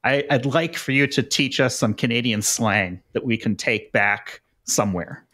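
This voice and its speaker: A man hosting a podcast, joking with his guest in a relaxed way and reading show promos. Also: mid-range voice, normal speed. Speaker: podcast host. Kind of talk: casual podcast chat.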